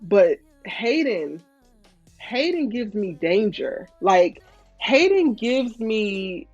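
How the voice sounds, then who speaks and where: Animated woman recapping. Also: mid-range voice, drawn-out words, husky, no echo, lo-fi sound, faint music behind. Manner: animated, exasperated, reads viewer comments. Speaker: show recap host. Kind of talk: casual recap commentary.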